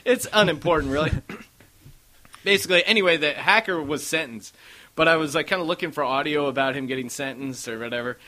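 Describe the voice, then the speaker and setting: A man's voice: a little high, a little fast, pushed and bright. A man hosting a casual podcast, rambling through stories and acting out what others said. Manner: rambling storyteller, acts out quotes. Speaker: podcast host.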